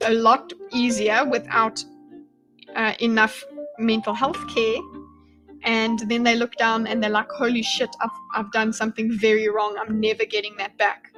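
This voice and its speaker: A woman hosting a live stream, casually reacting to a debate video, thinking aloud and greeting her chat. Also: fairly high pitch. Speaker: commentary streamer.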